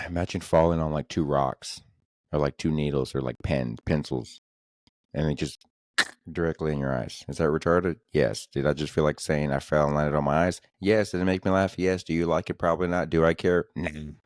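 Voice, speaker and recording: Very deep-voiced man rambling on a podcast. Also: fairly even intonation, normal speed, darkish tone, dry recording, clean studio sound. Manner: rambling, profane, joking. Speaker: podcast host. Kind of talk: casual solo podcast rambling.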